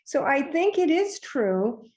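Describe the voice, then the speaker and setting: A woman's voice: sits high, slow. A middle-aged woman, a real estate agent, telling stories in a casual podcast interview over a remote call. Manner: chatty, animated storyteller who mimics other voices.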